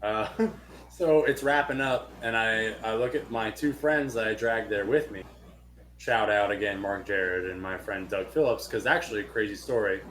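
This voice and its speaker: A young man co-hosting a podcast, telling a long story in casual chat, animated and swearing freely. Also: lowish voice, normal speed, a little hiss or hum. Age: young adult. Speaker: podcast co-host.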